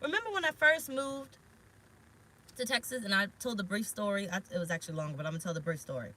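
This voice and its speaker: A woman's voice: mid-range voice, expressive, fast, pushed and bright, slight background noise, poor audio. A woman tarot reader talking casually in a vlog, rambling and frank, swearing now and then. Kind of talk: casual spiritual vlog talk. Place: parked car.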